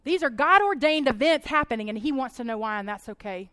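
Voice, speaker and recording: A woman's voice: high-pitched, animated, fairly quick, few pauses, bright, forceful tone, no room sound. A woman, giving a casual, chatty sermon to a group and laughing often.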